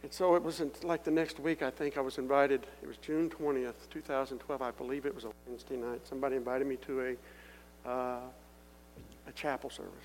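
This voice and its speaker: A man's voice: mid-range voice, flat delivery, brisk. Earnest middle-aged man testifying in a hall. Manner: earnest storytelling that swells into loud appeals to the crowd. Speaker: testimony speaker. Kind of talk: sermon-style personal testimony. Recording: echoey hall with faint hum.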